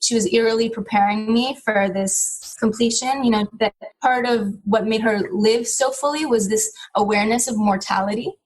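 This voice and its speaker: A woman's voice: on the high side, moderate pace, few pauses, rough recording. A woman in her thirties, a guest on an interview podcast, telling a personal story in a reflective, heartfelt way, with many "you know" fillers.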